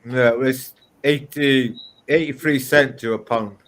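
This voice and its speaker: A man on a livestream with a mid-pitched voice. He talks casually and hesitantly, working things out aloud with lots of fillers. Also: steady tone, slow pace, fairly bright tone, a little hiss or hum. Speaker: guest. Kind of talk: casual chat.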